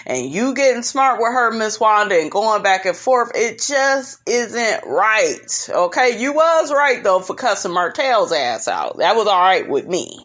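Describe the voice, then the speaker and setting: Sassy woman recapping with lively pitch. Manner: sassy, animated, calls people honey and child. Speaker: reality show recap host. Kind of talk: casual recap commentary.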